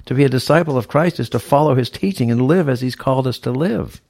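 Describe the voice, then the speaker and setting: A man's voice: mid-range voice, fast, a little mellow, no room sound. A male pastor preaching a sermon, teaching verse by verse in an emphatic, explaining way. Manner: teacherly, emphatic, walks through scripture verse by verse.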